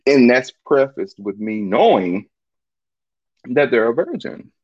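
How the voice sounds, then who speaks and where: A man tells a story in a lively, swooping voice, full of slang, swearing and frequent laughter. The recording is dry and a little muffled. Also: medium pitch, slow, breathy edge, no room sound. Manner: animated, profane, laughs often. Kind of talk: casual storytelling monologue.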